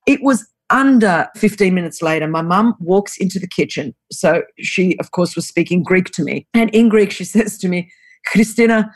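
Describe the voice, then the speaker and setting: A woman in her forties with an Australian accent, a guest telling a personal story with lively energy and frequent laughs. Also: on the low side. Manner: lively, animated storyteller who laughs often. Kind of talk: storytelling in an interview.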